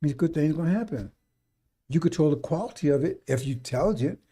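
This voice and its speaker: A man's voice: on the high side, animated, quick pace, warm tone, breathy edge. A man talking on a radio stream, rambling and scolding in a folksy way, now and then mocking people in put-on voices. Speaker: radio preacher. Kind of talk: unscripted radio talk.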